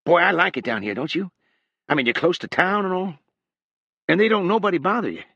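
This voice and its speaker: A man voicing a nervous young rural man from who talks in quick, twangy country speech. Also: high-pitched, expressive, bright, forceful tone, husky, dry recording, dull audio, pitched above the performer's own voice, exaggerated voice. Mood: nervous wheedling. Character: young scrappy nervous rural man, fast-talking schemer.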